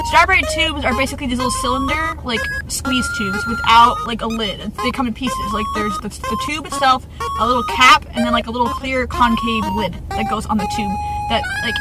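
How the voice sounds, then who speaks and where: A woman's voice: on the high side, poor audio. Bubbly young woman telling stories over music. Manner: animated, giggly, acts out what people said. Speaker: vlogger telling work stories. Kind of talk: casual storytime.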